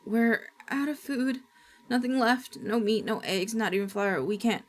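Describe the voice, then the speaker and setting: A woman's voice: on the high side, moderate pace, voice pushed up, close to an everyday voice. Woman doing an urgent old grandmother. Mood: desperate. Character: fierce frightened old grandmother guarding a secret.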